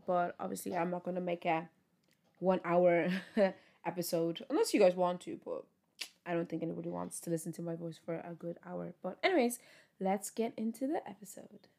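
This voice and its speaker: A woman's voice: lowish voice, gravelly, darkish tone. Tired, chatty young woman. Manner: chatty, upbeat, lots of fillers. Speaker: podcast host. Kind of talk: casual solo podcast chat.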